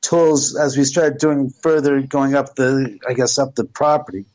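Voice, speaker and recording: A middle-aged man, a radio show guest, telling a story with lively quoted voices. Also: medium pitch, unhurried, rough recording.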